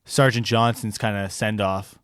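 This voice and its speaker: A man's voice: on the low side, level tone, normal speed, a bit bright, clean tone, no echo, studio quality. A man co-hosting a podcast in casual chat, laid-back and swearing casually. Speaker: podcast co-host.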